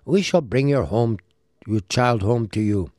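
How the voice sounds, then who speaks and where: A man's voice: expressive, unhurried, a little mellow, dry recording, clean studio sound, natural voice. A man voicing the oldest woman of a village in a storybook tale, resolute and comforting. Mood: determined. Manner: raised pitch, resolute.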